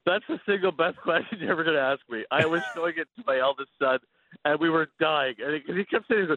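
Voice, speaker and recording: A Canadian man on a sports radio show, telling animated stories in quick casual chat over a phone line. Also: on the high side. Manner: animated, fast storytelling with laughs.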